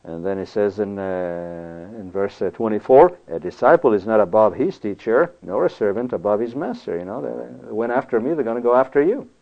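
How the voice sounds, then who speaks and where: A man's voice: fairly low pitch, lively intonation, brisk, vocal fry, few pauses. A man preaching a sermon in a conversational, emphatic way, often checking in with "you see?". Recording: tinny phone-like sound.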